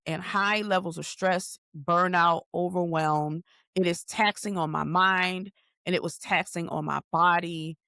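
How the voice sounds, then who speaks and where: A woman's voice: lowish voice, no room sound, clean studio sound. Candid woman therapist telling her story. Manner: earnest, candid, acts out her own past thoughts with lively voice shifts. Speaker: therapist and podcast host. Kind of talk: personal storytelling monologue.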